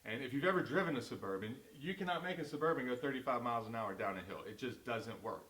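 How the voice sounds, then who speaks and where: A man with a Southern American accent, a real estate agent co-hosting a casual chat and telling a story in an animated, talkative way. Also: medium pitch, fast, roomy sound.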